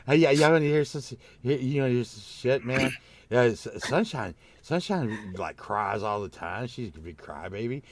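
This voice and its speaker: A man's voice: mid-range voice, normal speed. A man co-hosting a casual livestream chat, telling stories with lots of energy, swearing freely and acting out the lines of the people in them. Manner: animated storyteller, swears freely, acts out quotes. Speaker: co-host.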